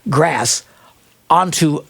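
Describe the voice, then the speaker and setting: A man hosting an advice talk show, telling a comic story in an animated way and laughing often mid-sentence. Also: on the high side, very slow, vocal fry, husky. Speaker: radio show host. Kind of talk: comedic relationship advice talk.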